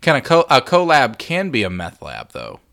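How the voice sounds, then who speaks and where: A man's voice: medium pitch, huge pitch swings, moderate pace, vocal fry, a bit bright. A man co-hosting a podcast in casual chat, laid-back and joking, laughing often. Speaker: podcast co-host.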